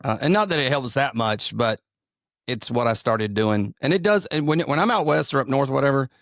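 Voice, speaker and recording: A man's voice: mid-range voice, lively intonation, brisk, fairly bright tone, dry recording, clean studio sound. A middle-aged man with a Southern US drawl, a comedian and pastor who tells rambling, self-deprecating stories in conversation. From American South. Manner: rambling, self-deprecating storyteller with many restarts. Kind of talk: interview conversation.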